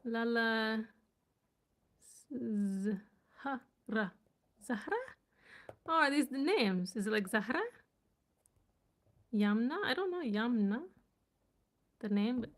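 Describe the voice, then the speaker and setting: A woman language vlogger chatting casually as she reads and sounds out unfamiliar words, curious and laughing at herself. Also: a little high. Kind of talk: casual live reading and chat.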